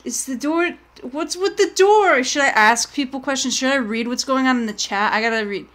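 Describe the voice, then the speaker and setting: Woman streamer, high voice, live gameplay commentary, rambling and jumpy. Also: fairly quick, pushed and bright. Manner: jittery, rambling, often panics and yelps. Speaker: gaming streamer.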